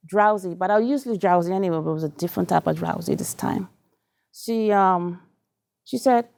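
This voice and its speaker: A woman from Trinidad and Tobago giving an earnest, emotional personal testimony, halting and restarting as she tells her story. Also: mid-range voice, vocal fry, darkish tone. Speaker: speaker sharing her story.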